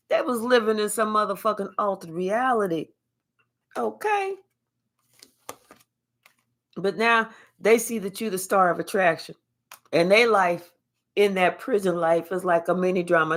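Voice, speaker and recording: A woman doing a casual spiritual reading to camera, profane and animated, stretching out words for emphasis. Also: medium pitch, a little slow, long pauses. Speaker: tarot reader.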